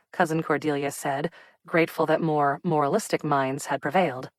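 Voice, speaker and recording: A woman narrating an audiobook in a measured storytelling manner. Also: deep voice, steady tone, no room sound. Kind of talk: scripted narration.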